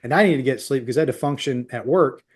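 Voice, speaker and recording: A man in his thirties, appearing as a podcast guest, tells a personal story with real intensity, acting out what other people said in their own voices. His mid-range voice is slightly rough and moves fast.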